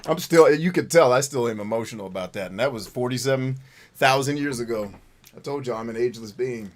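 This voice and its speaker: A man with a voice of ordinary middle pitch hosts a live game stream, reading viewers' messages aloud. He talks loosely and profanely, and makes himself the butt of many of his jokes. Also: quick pace, a little hiss or hum. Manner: profane, joking, self-mocking. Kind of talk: live gameplay commentary reading chat.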